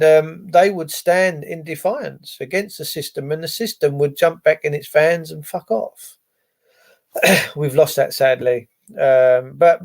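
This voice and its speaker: A man hosting a live stream, ranting casually with heavy swearing and sarcasm, rambling between topics. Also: fairly high pitch. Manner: profane, sarcastic, wandering. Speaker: live-stream host reading chat.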